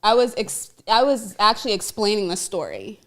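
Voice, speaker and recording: A woman's voice: mid-range voice, very animated, moderate pace, fairly bright tone. A woman, a guest on a casual podcast, playful and teasing. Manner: playful, teasing, contradicts the others.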